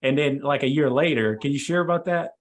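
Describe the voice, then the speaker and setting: A man hosting a video call, asking his guest questions in halting speech with many restarts. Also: mid-range voice. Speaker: host.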